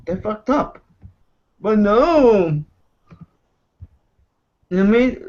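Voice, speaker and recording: A man's voice: high voice, dull audio. A man hosting a casual chat show, ranting with heavy profanity and repeated words. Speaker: show host.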